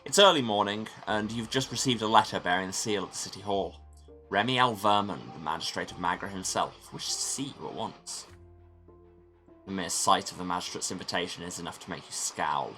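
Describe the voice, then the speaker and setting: A man's voice: low-pitched, a little fast, pushed and bright, faint music behind. A tired man streaming a game, reading its narration aloud with dry asides. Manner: dry, self-deprecating asides. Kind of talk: playthrough narration.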